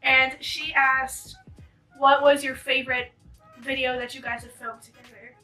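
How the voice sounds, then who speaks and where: A woman's voice: high-pitched, little pitch movement, measured pace, pushed and bright, echoey room. A young woman telling a story in casual chat, rambling with lots of "like" and "um". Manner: rambling, full of "like" and "um". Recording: distant mic with music behind.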